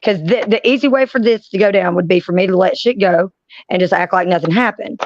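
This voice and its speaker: A woman's voice: medium pitch, brisk, darkish tone, no room sound. A woman chats on a panel stream, telling blunt stories full of swearing. She has a middle-range voice, and the sound is dry, dull and muffled. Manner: blunt, profane storytelling. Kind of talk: casual panel chat.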